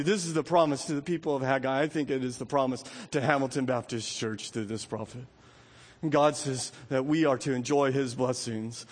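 A man's voice: medium pitch, steady tone, moderate pace, big-room sound. A man preaching a sermon in a church, impassioned and rising to emphatic peaks. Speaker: pastor. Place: church sanctuary.

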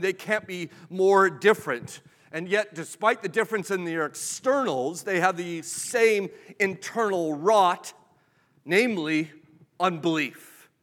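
Male pastor, high bright voice, chatty preaching full of rhetorical questions, lingering hall reverb. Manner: conversational preaching, rhetorical questions, frequent "right?" asides. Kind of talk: sermon.

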